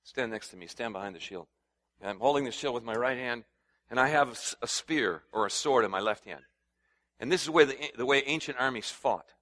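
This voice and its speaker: A pastor preaches to his congregation in a conversational style, quite quick and with lively intonation, growing louder and higher in pitch as he gets worked up and calls for their responses.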